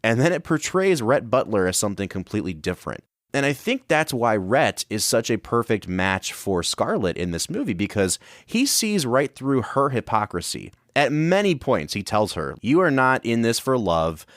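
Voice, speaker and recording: A man's voice: mid-range voice, sing-song, normal speed, dry recording, studio quality. A man co-hosting a film podcast, talking through his analysis in a thoughtful, casual way. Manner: thoughtful, analytical, building arguments. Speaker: podcast co-host.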